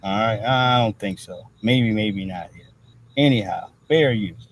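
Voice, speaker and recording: A man's voice: fairly low pitch, a little slow, a little hiss or hum, rough recording. A man hosting a livestream, talking in loose, profane commentary and repeating "all right" between nearly every thought. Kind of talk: casual rambling commentary.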